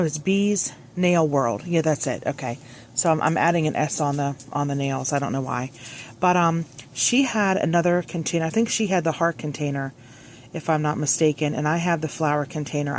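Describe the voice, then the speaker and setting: Low-voiced chatty woman crafting vlogger. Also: a little mellow, slight background noise. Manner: chatty, scattered, self-correcting. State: a little out of breath at the start. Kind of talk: rambling crafting tutorial. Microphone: phone clipped on, hands-free.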